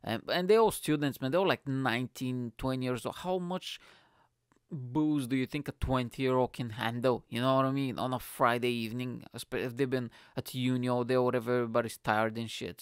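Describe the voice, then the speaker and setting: A man's voice: mid-range voice, clear, resonant tone, no room sound, studio quality. A young man, a comedian, casually telling a story, acting out quotes, swearing freely and laughing often.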